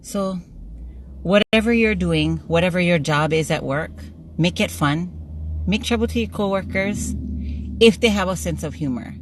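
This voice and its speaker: A woman's voice: fairly low pitch, normal speed, a little hiss or hum. A middle-aged woman, chatting to her phone camera from a parked car. She laughs often and tells playful stories. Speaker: vlogger. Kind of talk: casual chat to camera.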